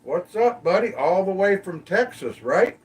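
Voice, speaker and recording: A man chats through a livestream at a slow, easygoing pace, calling out viewers by name. His voice sits a little high. He sounds a bit off-mic, as if the phone is set down in front of him. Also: sing-song, recorded from a distance. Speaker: livestream host. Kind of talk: casual livestream chat reading comments.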